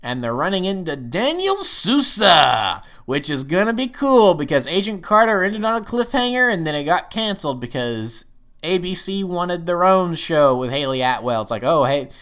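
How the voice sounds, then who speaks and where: Smooth-voiced rambling man reviewing TV. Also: normal speed. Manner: rambling, with sudden excited jumps in pitch. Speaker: TV episode reviewer. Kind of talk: casual solo review.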